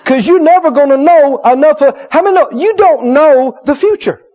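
A man's voice: very high voice, normal speed, warm tone, some chatter behind. A man preaching a sermon, emphatic and repetitive, acting out quotes with humor. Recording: dull lo-fi sermon recording.

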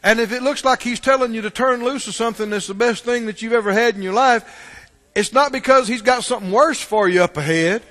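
A man preaching a sermon in church, asking the congregation questions and swinging between loud calls and hushed asides. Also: very high-pitched, fairly quick. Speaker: pastor. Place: church sanctuary. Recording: long reverb of a large hall.

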